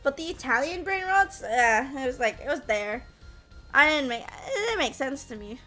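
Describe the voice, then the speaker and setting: A woman in her twenties talks casually to her stream chat in a high, bright, sharp-edged voice. She fills her speech with "like" and a questioning "yeah?". Soft music plays quietly underneath. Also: sing-song, normal speed. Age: 20s. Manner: chatty, peppers speech with "like" and "yeah?".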